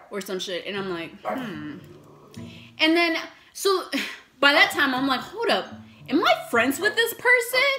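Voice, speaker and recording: This young female vlogger eats while recounting a story, cursing often and performing the messages she got in a lively way. Her voice is medium in pitch.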